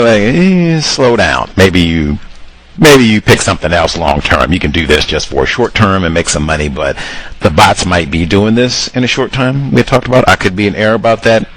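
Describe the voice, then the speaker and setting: A man hosting a casual commentary monologue, calling his listeners cousins and acting out the people he quotes in higher voices. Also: expressive, moderate pace, low-quality recording. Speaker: host.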